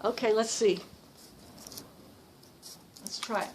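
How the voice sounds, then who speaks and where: Chatty lady vlogging on a trip, bit high pitched, light background hum. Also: fairly even intonation, darkish tone, low-quality recording. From United States. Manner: playful, chatty, quick to laugh. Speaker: vlogger traveling with her husband. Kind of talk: casual travel vlog chat.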